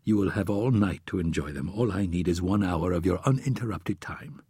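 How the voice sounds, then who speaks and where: A man voicing a careful, serious adult plotter in an audiobook, speaking in measured, earnest tones. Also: sits low, lively intonation, warm tone, husky, dry recording, studio quality, pitched below the performer's own voice, heavily acted.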